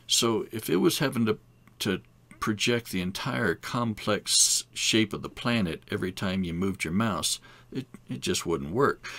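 A male instructor explains things in a loose, conversational way and drops wry asides as he goes. His voice sits low with a gravelly fry in it. The sound is dry and close, with no room around it. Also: expressive, a little slow, fairly bright tone, no room sound. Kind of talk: recorded screen lecture.

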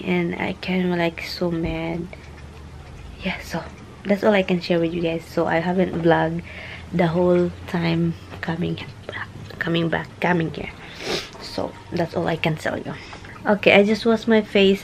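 A woman's voice: fairly low pitch, vocal fry, a little mellow, a little hiss or hum, low-quality recording. A young woman with a Filipino accent, chatting casually to her viewers in a home vlog. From Philippines. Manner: chatty, repeats herself, talks to her pets. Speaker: vlogger. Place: home, indoors.

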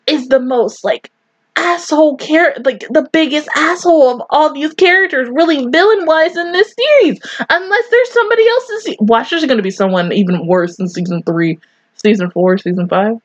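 A woman's voice: a little high, animated, moderate pace, no room sound, highs cut off. A young woman hosting an anime reaction video, rambling emotionally and swearing a lot in casual commentary.

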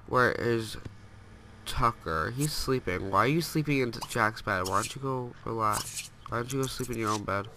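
A bright, sharp-toned young man with a stuffed-up, sniffly nose, chatting through a game in a loose, rambling way. He keeps scolding the characters on screen. A faint hiss of noise sits under his voice. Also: medium pitch, moderate pace. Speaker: gameplay commentator. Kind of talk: casual let's play commentary.

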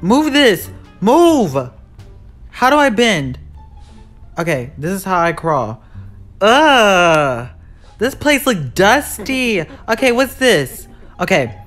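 A woman narrates her own gameplay in an excitable, jumpy voice. Her pitch leaps all over, breaking into sudden shrieks between slangy asides. Faint game music plays behind her. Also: slow pace, long pauses. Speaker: gaming YouTuber. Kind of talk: live gameplay commentary.

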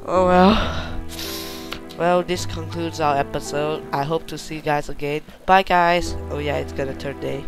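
A young man giving excited, swear-filled live commentary while playing a game, often yelping in panic. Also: fairly high pitch, moderate pace, vocal fry, music in the background. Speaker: gamer.

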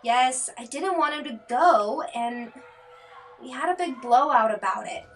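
A woman's voice: high voice, animated, measured pace, recorded from a distance, slight background noise. A woman voicing an earnest young college girl. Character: college girl, earnest lab partner with a crush.

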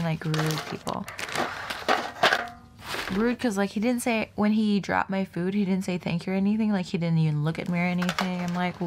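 A woman with a fairly low voice talks casually to her viewers. She rambles loosely and peppers her sentences with "like", relaxed and unscripted. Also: very noisy. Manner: chatty, rambling, heavy use of "like". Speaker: vlogger. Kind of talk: casual vlog chat while eating.

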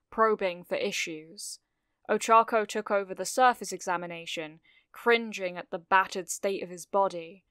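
A woman reading fan fiction aloud, narrating a story with steady, expressive delivery. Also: medium pitch, smooth, no echo, clean studio sound.

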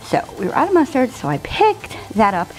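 A woman's voice: a little high, wildly swooping pitch, brisk, soft background music. A woman in her forties chatting through a grocery haul in an upbeat, rambling way. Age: 40s. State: out of breath. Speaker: vlogger.

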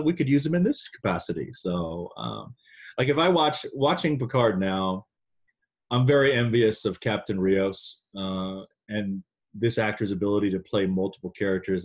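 A man's voice: on the low side, breathy edge. A man being interviewed over a video call, chatting casually and animatedly with frequent laughs. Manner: animated, laughs often, quick asides. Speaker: actor guest.

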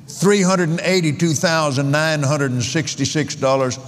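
An older man preaching a sermon, telling stories in a slow, rambling way and counting out figures. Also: on the high side. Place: large convention hall. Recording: long reverb of a large hall.

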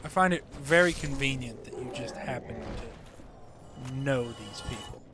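Co-hosting a let's play, a man with an Appalachian accent jokes provocatively and stubbornly stands his ground in casual gaming chatter. His medium-pitched voice is unhurried, and there is background noise.

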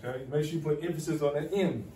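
A man's voice: on the high side, fast, dark tone. A male teacher leading a classroom pronunciation drill, repeating rules and coaxing students to repeat after him. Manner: repetitive, coaxing call-and-response teaching. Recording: echoey classroom from far off, faint hum.

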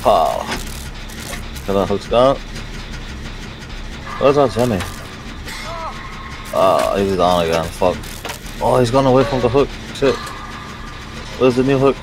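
A man's voice: fairly low pitch, sing-song, takes it slowly, long pauses, noisy background. A man giving running gameplay commentary, talking to himself and swearing as he plays. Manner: swears often, talks to himself while playing. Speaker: gamer.

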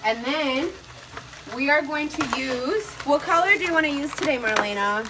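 A young adult woman with a high-pitched voice hosts a live cooking demonstration at normal speed, chatting upbeat and directly to her viewers while a loud crowd is audible.

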